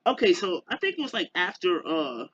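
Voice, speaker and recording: A man ranting casually to camera in a halting, rambling way full of fillers and restarts. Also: high-pitched, very animated, fairly bright tone, husky, dull audio. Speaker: YouTuber.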